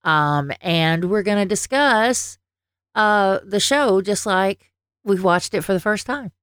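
Co-hosting a chatty podcast, this Southern-accented woman rambles slowly, full of fillers and laughter. Her mid-range voice is a bit bright and clean, with lively intonation, and she's recorded in studio quality with no echo through her own mic while wearing headphones.

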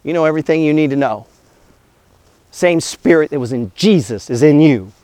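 A man's voice: a little high, animated, moderate pace, dark tone, no room sound. A man giving a blunt, profane motivational talk about money, full of rhetorical questions. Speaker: host.

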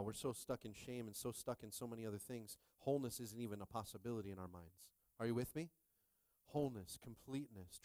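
A man in his thirties preaching a sermon as pastor, animated and jokey, calling out to the congregation for responses. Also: medium pitch, dry recording.

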